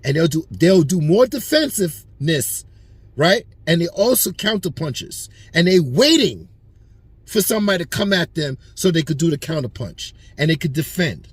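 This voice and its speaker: On his boxing talk show, a man rants his opinions with animation and lots of profanity, emphatically speaking straight to the fighter. His slightly high voice is sing-song and breathy-edged, at a normal speed, with no echo.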